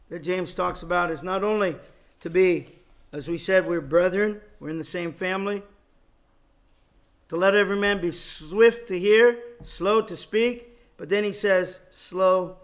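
Middle-aged male Bible lecturer, higher-pitched voice, measured and repetitive, sometimes drops soft and low. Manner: measured, repeats key phrases for emphasis. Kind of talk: sermon.

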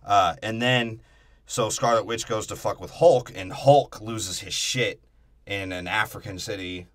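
Podcast co-host, man, lower voice, loose and profane casual chat. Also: unhurried. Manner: profane, animated, laughs often. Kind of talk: casual movie discussion.

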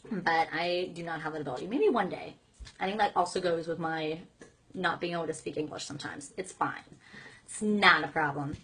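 A young woman's voice comes through bright and a little husky as she chats in a casual live stream. She gushes and giggles while reading comments from fans. Her talk is full of "like" fillers and bubbly asides. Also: fairly low pitch.

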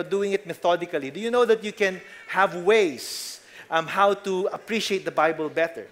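A young man with a Filipino accent preaching a sermon earnestly, shifting emphasis and trailing off softly at the ends of phrases. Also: high-pitched. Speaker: pastor.

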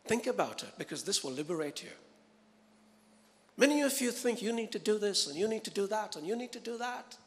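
A man preaches with emphatic repetition, building up loud and then dropping to a hush. His voice sits fairly high for a man and rings out with a long reverb through a large hall. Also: sing-song, brisk. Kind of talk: sermon.

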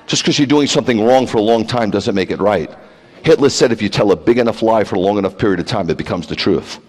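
A man preaching as a rabbi, blunt and animated, peppering the congregation with rhetorical questions and teasing jabs. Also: fairly low pitch, fast talker. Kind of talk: livestreamed sermon. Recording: long hall reverb.

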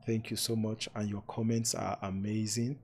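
A man with a lowish voice hosts a live-streamed relationship talk, speaking warmly and emphatically to online viewers and repeating words for stress. His delivery is flat and at normal speed, and he closes with preacher-like blessings.

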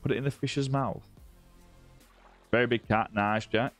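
A man's voice: medium pitch, steady tone, measured pace, faint music behind. A man hosting a live gaming stream, chatting casually with viewers and greeting them by name. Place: indoor room with ring light.

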